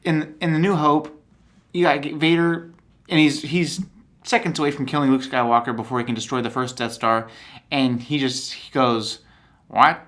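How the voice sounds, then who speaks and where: Animated man, podcast co-host. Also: medium pitch, moderate pace. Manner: animated storyteller, acts out quotes. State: tired voice. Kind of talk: casual chat.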